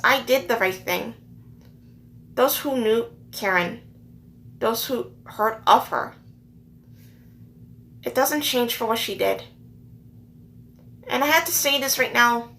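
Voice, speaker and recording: Upset woman venting, bright high voice. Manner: earnest, upset, repeats herself for emphasis. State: holding back tears. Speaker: vlogger. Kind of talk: emotional personal rant to camera.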